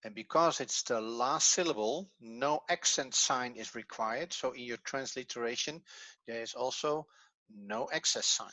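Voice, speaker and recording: A man's voice: mid-range voice, unhurried, pushed and bright, dry recording, rough recording. A man teaching an evening language class, patiently explaining step by step and thinking aloud as he works. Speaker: Hebrew teacher.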